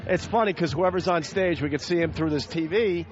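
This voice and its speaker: A man's voice: a little high, a little fast. Joking man calling in from backstage. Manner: loose, joking, talks over his partner. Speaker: radio co-host calling in from backstage. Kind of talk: casual radio chat. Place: backstage at a live comedy show. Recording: muffled lo-fi radio broadcast.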